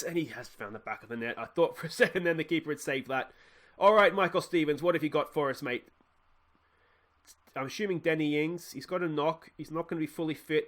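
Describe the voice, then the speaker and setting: A young Australian man commentating his own football management game, swinging from loud shouts at near misses to quiet musing. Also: on the high side. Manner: bursts into shouts at near misses, then drops to musing mutters. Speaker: gaming let's play host.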